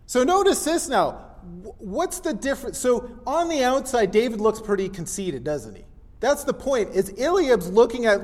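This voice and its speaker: A man's voice: very high-pitched, big pitch swings, moderate pace, big-room sound. A man giving a casual, conversational sermon and briefly acting out the Bible characters he quotes. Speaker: pastor.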